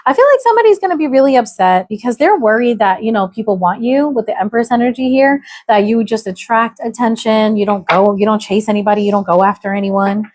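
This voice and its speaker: A woman's voice: fairly high pitch, fast, hardly any pauses, darkish tone. An American woman doing a casual, chatty tarot reading, musing aloud with fillers. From United States. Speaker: tarot reader.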